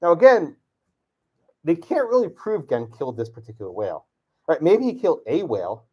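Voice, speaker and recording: The man's voice is a little high, fairly quick, and full of huge pitch swings as he teaches a law class, casually calling on students by name to answer questions. He's a law professor, and the lecture classroom audio is distant, echoey, and dull.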